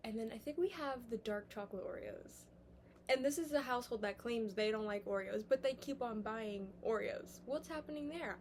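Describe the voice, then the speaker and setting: A young woman musing aloud in a casual, rambling vlog monologue, sometimes sliding into soft whispers. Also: a little high, normal speed, a little hiss or hum. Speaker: vlogger. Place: indoors, sitting on the floor.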